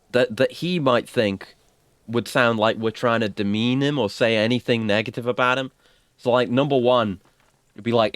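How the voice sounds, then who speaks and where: A man's voice: medium pitch, a bit bright, no room sound. A man playing a video game and thinking aloud in casual, hesitant commentary. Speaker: gaming streamer. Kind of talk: casual let's-play commentary.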